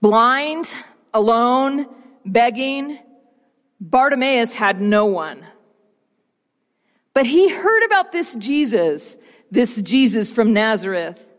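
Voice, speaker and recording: A woman pastor reading the gospel and preaching, with slow, rhythmic repetition and dramatic pauses. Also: a little high, sing-song, big-room sound.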